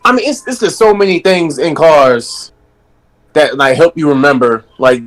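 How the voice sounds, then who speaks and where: A man's voice: on the high side, moderate pace, low-quality recording. A man rambling in a casual podcast chat, full of restarts and "like"s as he thinks aloud. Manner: rambling, with many restarts and fillers.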